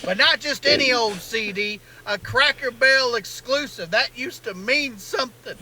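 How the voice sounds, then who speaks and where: A comedian plays a fed-up Southern good ol' boy with a very high, strikingly bright voice. He rants in a folksy drawl, indignant and aggrieved, like a satirical online video clip. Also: moderate pace, heavily acted, poor audio. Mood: ranting. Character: grumbling Southern man mourning his restaurant.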